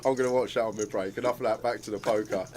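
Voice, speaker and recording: A man's voice: lowish voice, fairly even intonation, very fast. A man co-commentating a live poker stream, telling stories animatedly and laughing often. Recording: crowd noise behind.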